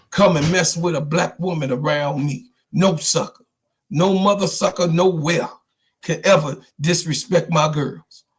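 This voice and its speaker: A man with a Chicago accent hosting a casual livestream, talking loosely and shouting out his viewers. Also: sits high. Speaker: livestream host. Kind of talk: casual live-stream chat.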